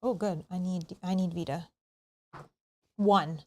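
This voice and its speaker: A woman playing a board game, quietly working through dice math aloud. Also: lowish voice, steady tone, slow. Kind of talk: casual board game chat.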